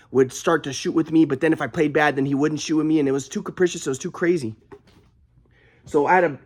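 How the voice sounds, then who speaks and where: A man's voice: fairly high pitch, husky. Rambling aggrieved young man. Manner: rambling, aggrieved, repetitive restarts. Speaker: vlogger. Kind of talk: personal storytelling monologue.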